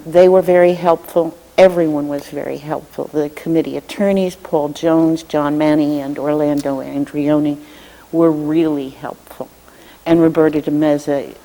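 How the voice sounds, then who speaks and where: A woman legislator and committee chair giving measured, thoughtful answers in a televised interview, often pausing with fillers. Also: low voice, mellow. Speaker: state representative and committee chair. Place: state house studio. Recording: reverberant room with long echo.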